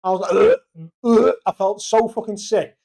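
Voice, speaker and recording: A young man from Liverpool with a Scouse accent, co-hosting a podcast in casual, sweary, animated chat. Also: sits high, brisk. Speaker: podcast co-host.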